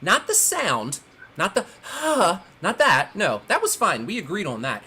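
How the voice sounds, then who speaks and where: A man in his thirties doing a stand-up comedy set over a video call, telling stories with big acted-out shouts. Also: high voice, moderate pace, breathy edge. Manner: animated storytelling with loud acted-out shouts.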